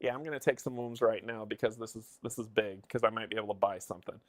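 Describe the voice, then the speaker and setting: A man's voice: fairly low pitch, steady tone, quick pace. Man thinking aloud over a board game. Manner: muses and counts moves under his breath. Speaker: live streamer playing a board game. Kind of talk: casual live-stream thinking aloud.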